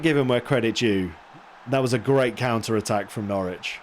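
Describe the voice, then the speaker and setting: A man casually commentating his own football management game, getting excitable and swearing when things go wrong. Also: medium pitch, normal speed, a little hiss or hum. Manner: excitable, swears when frustrated, self-deprecating asides. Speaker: gaming streamer.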